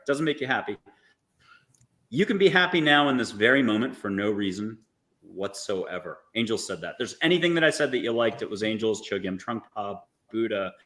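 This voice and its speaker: A man, a guest speaker, leading a guided visualization in an animated, coaxing way with little jokes. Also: mid-range voice. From United States. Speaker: guest, angel intuitive.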